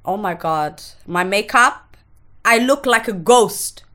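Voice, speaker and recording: A woman's voice: mid-range voice, expressive, fairly bright tone. A woman guest on a podcast telling her own story in a frank, emotional way, swearing freely and often stopping to restart her sentences. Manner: halting, with restarts. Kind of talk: candid personal storytelling.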